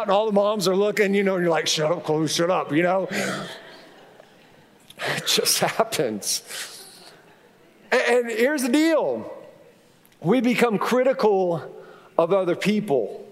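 A middle-aged man delivers a sermon in a fairly high voice, chatty and joking, often restarting his sentences. His voice carries a long reverb, as in a large church sanctuary. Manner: conversational, repetitive restarts, humorous asides. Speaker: pastor.

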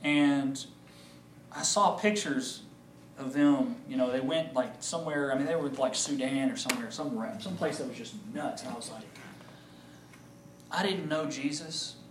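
A male pastor giving his personal testimony in an animated storytelling manner, acting out the voices of people he quotes. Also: mid-range voice, normal speed, slight background noise. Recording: echoey room.

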